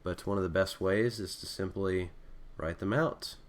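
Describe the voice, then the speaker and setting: A man's voice: low voice, moderate pace. A man teaching a casual screen-recorded lesson, thinking aloud as he writes and correcting himself as he goes. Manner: relaxed, thinking aloud with fillers and self-corrections. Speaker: Greek teacher.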